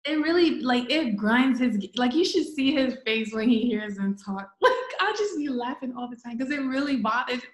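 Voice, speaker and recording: Young Jamaican-raised woman, co-host, lively casual chat, bright higher voice, roomy echo. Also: moderate pace, few pauses. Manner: lively, laughing, storytelling. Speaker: podcast co-host. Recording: echoey room.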